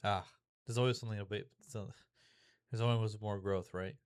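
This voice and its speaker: A young man speaks in a lowish voice, rambling and candid, with frequent swearing and restarted sentences. The sound is dry and close, with little room around it. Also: steady tone, moderate pace, smooth, no room sound. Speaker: vlogger. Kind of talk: confessional vlog.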